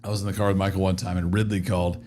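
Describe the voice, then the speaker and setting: Profane, animated man telling stories. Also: low-pitched, racing. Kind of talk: casual chat.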